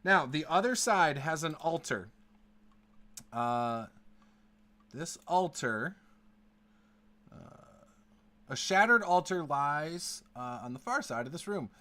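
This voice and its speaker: Halting male game master. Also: a little high, expressive, sharp tone. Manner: halting, with many fillers and hedges. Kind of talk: narrating a tabletop game. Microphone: online call.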